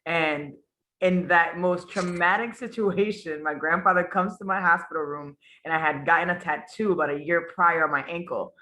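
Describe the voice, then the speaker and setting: Bright-voiced woman telling lively stories. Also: on the low side, normal speed. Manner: animated storyteller, acts out quoted voices. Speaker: student. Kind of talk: casual class discussion.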